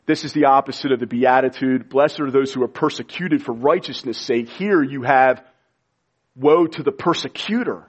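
A man preaching a sermon to a congregation, impassioned and pleading, sometimes dropping to a hushed voice. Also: mid-range voice, normal speed, breathy edge, dull audio. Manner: impassioned, pleading preaching with sudden quiet drops. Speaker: pastor.

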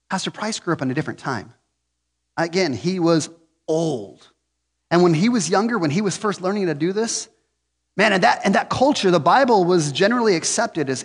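Man in his 40s, conversational preacher with a high voice, joking and earnest, echoey hall. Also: husky. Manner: earnest, joking, frequent restarts. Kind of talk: conversational sermon.

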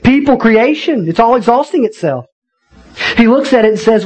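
A male pastor delivering a sermon with a high-pitched voice. He talks in a conversational, animated way and drops in wry asides to his listeners. Faint music plays underneath. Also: normal speed, poor audio.

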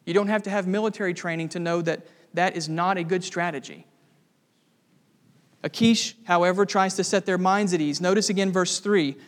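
A man's voice: high voice, steady tone, normal speed, big-room sound. A man preaching an expository sermon, emphatic and posing rhetorical questions to the congregation.

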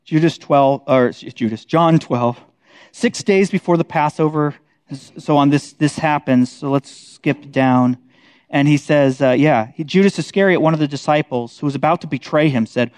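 Man, fairly high voice, dry close sound, relaxed conversational Bible teacher who peppers his talk with filler and tag questions. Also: moderate pace, no room sound. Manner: conversational, many "like" and "right?" tags.

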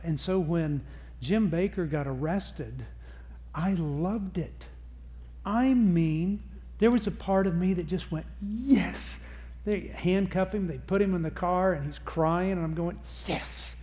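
A middle-aged man with a mellow, higher-pitched voice speaks at a parenting seminar, an audience gathered in a church or seminar hall. He talks conversationally, pokes fun at himself, and performs the lines he quotes.

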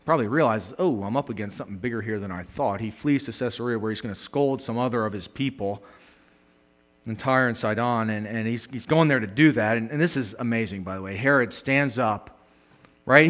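A male pastor preaching a sermon, animated, swinging between loud emphatic bursts and quiet asides, with frequent laughs. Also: mid-range voice, fairly quick.

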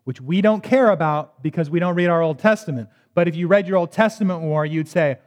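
In what sounds like a church sanctuary, a long hall reverb carries a high-voiced man's brisk sermon. He reads scripture and explains it in an emphatic, conversational style, dropping in wry asides.

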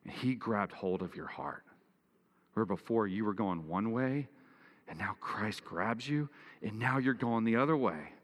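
Male pastor, low voice, earnest sermon delivery that climbs for emphasis; church reverb. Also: lively intonation, unhurried, fairly bright tone. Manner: earnest preaching, rising in pitch and force for emphasis.

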